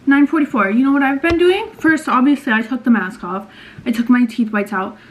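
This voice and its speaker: Brief: young woman, slightly high voice, rambling chatty vlog at home, filler-heavy, faint hiss behind. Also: a little fast. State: out of breath. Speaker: beauty vlogger. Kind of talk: casual chatty vlog to camera. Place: at home, indoors. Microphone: camera mic, later phone on a tripod.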